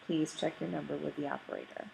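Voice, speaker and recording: A stern, busy older rabbi who talks in cross, clipped, formal sentences, voiced by a woman reading aloud. His voice sits low and gravelly. There is a faint hiss behind it. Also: fairly even intonation, fast, a little mellow, low-quality recording. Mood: curt.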